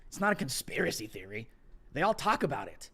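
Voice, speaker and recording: A man's voice: medium pitch, big pitch swings, brisk, creaky, sharp tone, breathy edge. A man hosting a live political commentary stream, ranting with mocking sarcasm and laughing at his own jokes.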